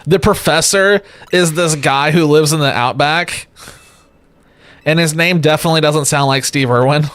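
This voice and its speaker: Man, streamer, exhausted, rambling, joking, slightly high voice. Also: moderate pace, a bit bright, clear, resonant tone, no room sound. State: exhausted from lack of sleep. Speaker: livestreamer. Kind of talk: casual live-stream chat. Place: home streaming setup with a webcam.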